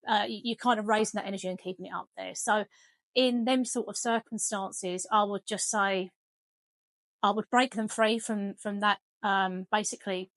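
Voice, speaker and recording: A woman's voice: mid-range voice, fairly bright tone, no room sound. A woman, a dog trainer talking casually as she demonstrates a lesson at home. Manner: chatty, firm commands to the dog. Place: home kitchen.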